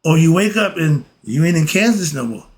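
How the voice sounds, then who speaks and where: A man's voice: a little high, expressive, fairly quick. A man teaching philosophy in a casual, emphatic way, often throwing rhetorical questions at his listeners. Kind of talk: casual spoken lesson.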